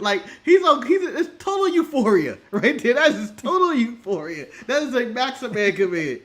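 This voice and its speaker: A man co-hosting a casual wrestling recap chat, excitable and laughing often. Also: very high voice, moderate pace, hardly any pauses. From United States. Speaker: co-host.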